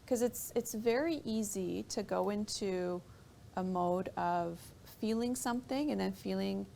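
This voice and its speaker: A woman guest on a radio talk show, explaining her ideas thoughtfully and pausing to find her words. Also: medium pitch, gravelly, mellow, a little hiss or hum. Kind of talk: reflective talk radio discussion.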